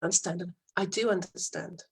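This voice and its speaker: A woman's voice: mid-range voice, normal speed, husky, low-quality recording. A woman, an HR coach, giving firm, emphatic advice in an interview and acting out sample dialogue. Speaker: HR coach and guest. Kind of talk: interview over a call.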